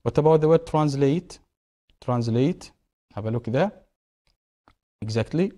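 A man's voice: mid-range voice, expressive, a little slow, mellow. A man teaching an English grammar lesson, asking questions and answering them himself while repeating key words.

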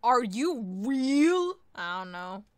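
Bubbly high-voiced woman gaming YouTuber. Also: big pitch swings, loud music behind the voice. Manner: bubbly, chatty, quick jokey asides. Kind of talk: casual game commentary.

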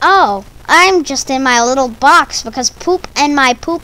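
A woman with a high voice talks in an unhurried, meandering way. She stumbles over her words as she goes. Her delivery is playful and silly, like a casual monologue made for her own channel. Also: lively intonation, bright, forceful tone, poor audio. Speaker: video creator.

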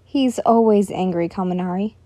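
A woman reading a story aloud, voicing a calm, level-headed young knight who speaks in a lower, steady tone. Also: moderate pace, dry recording, close to an everyday voice.

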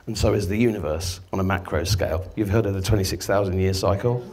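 A man's voice: low-pitched, fast, a little mellow. A man giving a casual, rambling live talk to an audience, swearing freely and acting out conversations. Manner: rambling, swearing, acts out quoted exchanges. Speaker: guest speaker. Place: event venue before a live audience.

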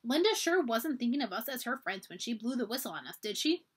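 A woman's voice: fairly high pitch, very animated, fairly quick, breathy edge. A woman voicing a determined, scheming young girl at camp, talking earnestly and urgently while reading a children's storybook aloud.

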